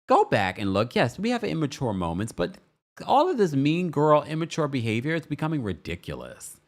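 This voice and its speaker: A young man hosting a casual show recap, sassy and animated, who jumps into a high voice when he quotes people. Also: fairly quick. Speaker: recap host.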